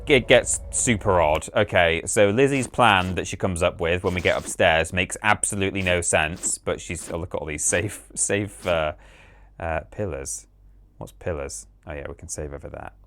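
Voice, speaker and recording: A man's voice: sits low, fairly bright tone, a little hiss or hum. Chatty man streaming a game. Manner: chatty, amused, rambling, self-correcting. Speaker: livestream host playing a game. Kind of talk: casual gameplay commentary. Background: faint game music.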